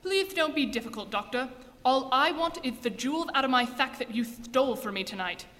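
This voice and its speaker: A man's voice: extremely high pitch, a little fast, sharp tone. An actor playing a menacing male jewel thief gang leader who talks with a lisp, in 1940s radio acting style, on a reverberant old broadcast. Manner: threatening, clipped orders.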